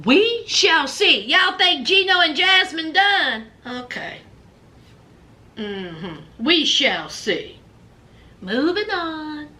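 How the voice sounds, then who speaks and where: A woman's voice: high-pitched, big pitch swings, extremely slow, sharp tone. A woman giving sassy, gossipy reality TV recap commentary, often saying "honey".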